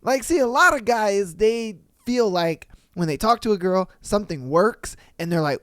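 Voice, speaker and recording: A man hosting a casual podcast, reading listener stories aloud and reacting with animated swearing and mock voices. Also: sits high, normal speed, few pauses, no echo, clean studio sound. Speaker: podcast host.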